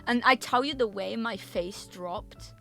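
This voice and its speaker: A woman streamer telling a story in a casual chat, animated and emphatic, swearing freely and repeating herself. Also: on the high side, unhurried, gravelly, faint music behind. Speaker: VTuber streamer.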